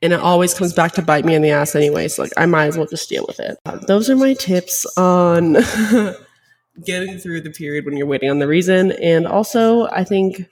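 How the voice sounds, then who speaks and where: A woman's voice: lowish voice, normal speed, a little mellow, recorded from a distance, poor audio. A young woman in her twenties talks through her own podcast, tearful and choked up. Her speech is loose and confessional, with "like" in nearly every phrase. The mic sits a little way off from her. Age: 20s. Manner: rambling, heavy on "like" fillers, open and confessional. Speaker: podcast host. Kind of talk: casual solo podcast talk.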